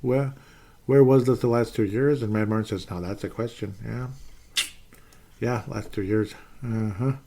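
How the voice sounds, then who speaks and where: A man, maybe in his forties, hosts a casual live sports show and reads chat comments, rambling in a self-deprecating, exasperated way. His voice sits at medium pitch with fairly even intonation, unhurried delivery, vocal fry and frequent pauses. There is background noise.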